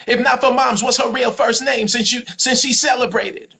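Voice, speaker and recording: A man's voice: very high-pitched, fairly even intonation, moderate pace, creaky, bright, forceful tone, voice pushed up, heavily acted. A man voicing an indignant, proud woman comedian who scolds and protests in a sassy manner. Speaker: comedian doing impressions.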